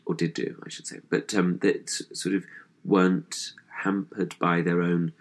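A man's voice: deep voice, little pitch movement, normal speed. A young man with a posh English accent, chatting as a comedian guest in an interview, thoughtful and hesitant with many fillers. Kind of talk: casual interview chat.

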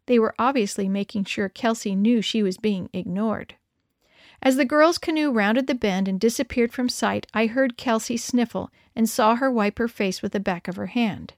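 Woman reading a kids story out loud, bit high, dry close mic. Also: moderate pace, no room sound. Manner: expressive, lively dialogue. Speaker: narrator. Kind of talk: storybook read-aloud.

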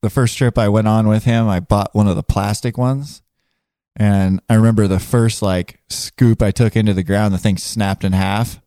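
A man's voice: on the low side, fairly even intonation, moderate pace, mellow, no room sound, studio quality. A man co-hosting a casual podcast, chiming in with jokey asides. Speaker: podcast co-host. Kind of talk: casual chat.

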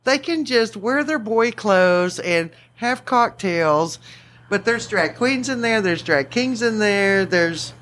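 Relaxed bar regular, halting chat. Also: medium pitch. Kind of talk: casual chat.

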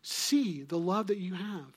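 A man's voice: high-pitched, slow, breathy edge. Earnest man teaching the Bible. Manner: earnest, conversational, quotes scripture with acted voices.

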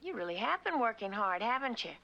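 A bright, teasing partner. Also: female voice, on the high side, big pitch swings, fairly quick, creaky, highs cut off, slight background noise, full character voice. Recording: TV soundtrack clip with faint music.

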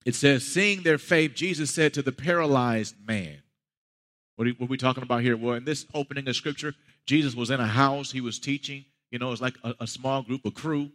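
A man's voice: medium pitch, fairly quick, a bit bright, in a large hall. A man preaching a sermon as a pastor, talking conversationally and building to emphatic peaks.

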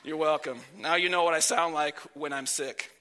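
A man preaching a sermon as pastor, speaking slowly and deliberately and letting phrases fall soft at their ends. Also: a little high, fairly even intonation.

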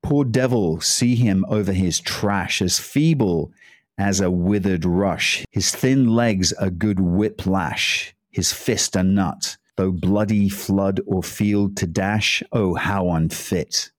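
A man hosting, chatting casually before reading a poem aloud in plain English at a measured pace. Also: deep voice, dry recording, clean studio sound. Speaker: host.

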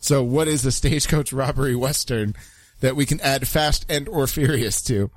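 A man's voice: medium pitch, moderate pace. A man co-hosting a podcast, joking and laughing as he riffs in casual banter. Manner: joking, laughs often, breaks into goofy impressions. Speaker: podcast co-host.

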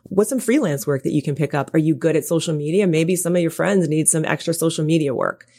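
A woman's voice: sits low, quick pace, dark tone, breathy edge. A woman who works as a coach, a guest on a podcast, giving practical, encouraging advice in casual conversation. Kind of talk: casual interview chat.

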